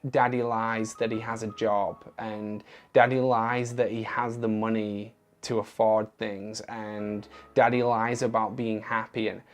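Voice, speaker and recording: A man's voice: lowish voice, little pitch movement, a little slow, hardly any pauses. A man talking casually to his viewers in an open, earnest and emotional way. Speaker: vlogger. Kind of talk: casual talk to camera.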